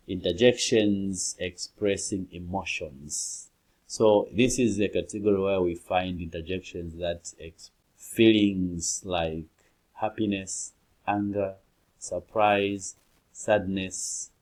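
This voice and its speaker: A man teaching an online English grammar lesson, explaining patiently and acting out example exclamations with sudden jumps in pitch.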